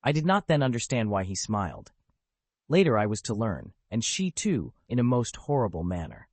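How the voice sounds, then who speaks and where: A man reading an adventure audiobook in a measured, expressive storytelling manner on a close microphone. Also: medium pitch, no room sound. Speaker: audiobook narrator. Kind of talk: scripted audiobook narration.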